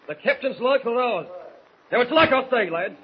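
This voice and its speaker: A menacing mutineer ringleader, barking threats in coarse grammar. His voice sits high, coming through a muffled 1940s radio broadcast with faint hiss. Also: expressive, normal speed. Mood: commanding. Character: menacing English mutineer ringleader, gruff man.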